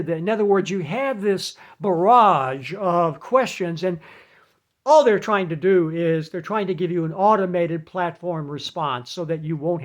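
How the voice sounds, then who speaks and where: A man giving casual advice in an animated, chatty way, laughing at his own jokes. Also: high-pitched. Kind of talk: casual talk to camera.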